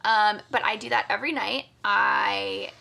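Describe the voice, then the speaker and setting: A woman co-hosting a podcast in relaxed chat. Her voice is bright and tense with a gravelly edge. She talks openly, peppering her sentences with "like.". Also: medium pitch, measured pace. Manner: candid, filler-heavy, frequent "like". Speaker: podcast co-host. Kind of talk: casual conversational chat.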